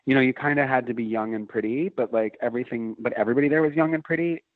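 A man's voice: mid-range voice, rapid-fire, dry recording. Rambling man on a tinny line. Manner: rambling, many restarts and "like". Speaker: guest. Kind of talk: casual storytelling chat. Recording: tinny phone-line sound.

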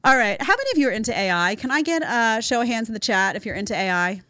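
A woman podcast host delivers opinionated commentary in a sarcastic, exasperated tone. Her pitch swings up and down with a lot of life, and the sound is close and dry, with no room echo. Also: big pitch swings, quick pace, pushed and bright. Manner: reads article excerpts aloud with scornful asides.

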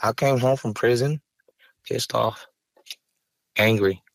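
A man's voice: medium pitch, steady tone, slow pace, creaky, no room sound. Podcast guest: man, heated and profane, dry close studio sound. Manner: raw, angry, profane, rising to heated outbursts. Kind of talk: emotional interview talk.

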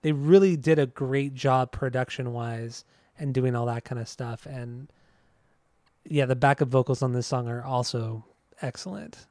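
A man's voice: mid-range voice, fairly even intonation, a little slow, darkish tone, no echo, clean studio sound. A man co-hosting a podcast in casual chat, rambling and swearing easily as he talks about music. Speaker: podcast co-host.

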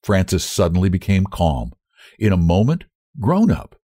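A man reading a story aloud as narrator, in an expressive, dramatic manner. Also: sits low, a little slow, dry recording, clean studio sound. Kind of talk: scripted narration.

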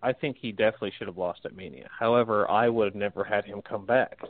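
A man's voice: fairly low pitch, quick pace. Blunt, swearing man on a tinny line. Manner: blunt, swears freely, laughs often. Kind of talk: casual chat. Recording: tinny phone-like sound.

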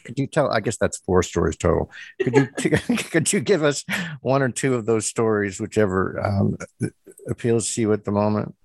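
A man's voice: lowish voice, expressive, normal speed, creaky, a little mellow, no echo. A man hosting an interview, asking questions with hesitant fillers and restarts. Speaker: interviewer host. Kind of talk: interview conversation.

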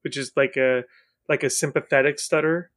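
A man hosting a podcast interview, telling stories animatedly with quick restarts, stumbles and laughter. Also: mid-range voice, fairly even intonation, fairly bright tone. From family of Iranian heritage. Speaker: podcast host. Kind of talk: casual interview chat.

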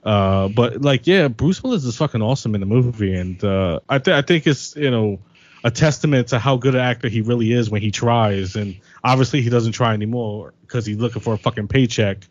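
A man's voice: mid-range voice, a little fast. Rambling, cursing man on a dull mic. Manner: rambling, profane, many "you know"s. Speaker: podcast panelist. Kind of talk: casual film-discussion chat.

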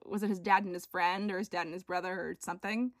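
A woman's voice: fairly low pitch, fairly even intonation, fast talker, dry recording. Woman co-host, close dry sound, wry and questioning in casual chat. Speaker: podcast co-host.

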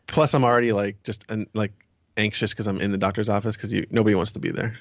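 A man talking as a guest in a casual conversation, relaxed and agreeable, with halting starts. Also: fairly low pitch, no room sound. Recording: dull, dry lo-fi sound.

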